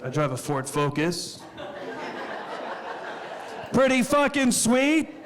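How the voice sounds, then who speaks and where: A man with a high voice works a comedy club stage, trading crude, self-deprecating stories in a deadpan delivery. He's heard through a live stage mic, with a packed room laughing around him. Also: takes it slowly, a crowd in the background. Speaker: stand-up comedian. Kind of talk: stand-up comedy set. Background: audience laughing.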